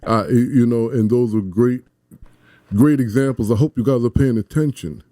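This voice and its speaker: Man with a dark, dry studio voice. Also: mid-range voice, normal speed, no room sound. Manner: eager, stammers and laughs easily. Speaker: radio host. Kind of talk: radio interview conversation.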